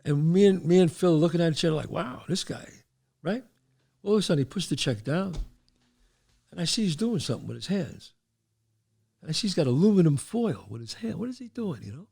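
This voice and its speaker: A man from the Bronx, hosting a show and telling stories, animated and acting out voices. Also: a little high, fast, vocal fry, husky. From the Bronx, New York. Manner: animated, acts out voices, trails off mid-sentence. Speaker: host. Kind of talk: storytelling.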